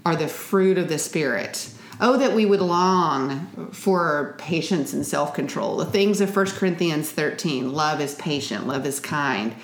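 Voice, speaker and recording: Lower-voiced woman, earnest teaching. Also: unhurried, hardly any pauses. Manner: earnest, teaching, scripture-quoting. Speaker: co-host and parenting author. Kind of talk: Christian parenting podcast chat. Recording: roomy echo.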